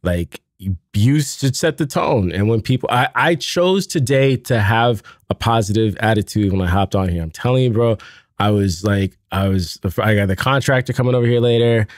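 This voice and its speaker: A man's voice: lowish voice, normal speed, no room sound, studio quality. A man co-hosting a casual podcast, telling stories animatedly and laughing at his own puns. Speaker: podcast co-host. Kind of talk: casual conversational podcast chat.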